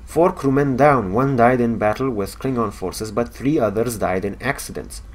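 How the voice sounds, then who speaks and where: A man with a Romanian accent reading the log of a weary male alien soldier in a space game, solemn and measured. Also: mid-range voice, lightly acted. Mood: somber.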